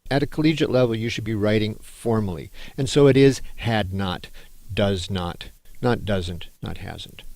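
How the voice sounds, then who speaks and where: A man's voice: lowish voice, no room sound. A middle-aged male anthropology professor giving a conversational, emphatic lecture on writing, with fillers and restarts.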